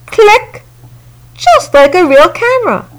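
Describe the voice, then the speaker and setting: Woman storyteller, children's read-aloud, slow pace, lively sing-song pitch, fairly high voice. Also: rough recording.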